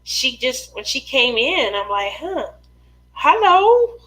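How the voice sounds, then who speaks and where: Chatty craft-stream host, woman, high and bright with some vocal fry, giggles a lot. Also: measured pace, slight background noise, rough recording. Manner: chatty and giggly, laughs often. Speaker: craft channel host reading live chat. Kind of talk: casual live-stream chat.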